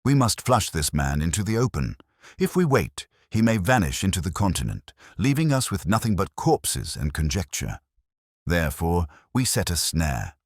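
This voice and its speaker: A man voicing a shrewd, cool-headed detective who speaks with precise, commanding calm. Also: sits low, moderate pace, no echo, clean studio sound. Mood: scheming.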